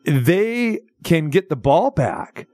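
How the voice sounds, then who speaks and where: A man's voice: a little high, slow, dry recording, studio quality. Exasperated, ranting male sports radio host. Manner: animated, exasperated ranting with sarcastic asides. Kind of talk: casual sports talk radio rant.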